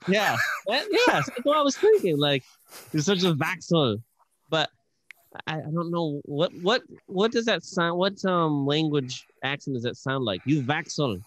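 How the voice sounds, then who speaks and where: A man's voice: big pitch swings, moderate pace, a bit bright, no room sound. A man co-hosting a comedy podcast, rambling and laughing as he talks. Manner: rambling, laughing, jumps high in pitch. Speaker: podcast co-host. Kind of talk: casual comedic podcast banter.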